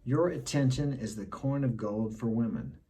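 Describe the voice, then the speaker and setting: A man's voice: mid-range voice, expressive, moderate pace, warm tone, slightly rough. A middle-aged man giving blunt dating advice in a casual monologue, repeating his key points.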